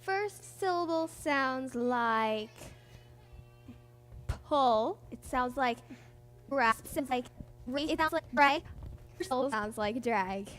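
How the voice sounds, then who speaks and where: A fussy, doting queen who talks slowly and primly, as a woman plays her on stage. Her voice sits high, with faint music behind. She dotes on her sons. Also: expressive, a bit bright, big-room sound, heavily acted. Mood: playful.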